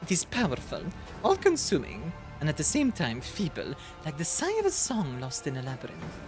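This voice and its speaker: A woman voicing a condescending ancient alien seer, reading slowly and solemnly in a quiet, low voice. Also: huge pitch swings, over music. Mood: haughty, solemn.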